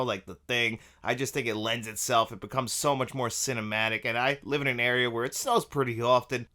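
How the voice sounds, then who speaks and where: A man's voice: mid-range voice, fairly bright tone. A man from New York giving an enthusiastic, conversational review of a film.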